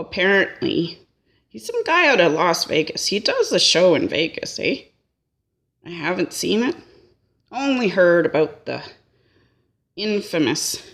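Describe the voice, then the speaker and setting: A woman's voice: fairly low pitch, a bit bright. A woman doing a rambling, folksy comic monologue and tagging her lines with a questioning "eh?". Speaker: comedian.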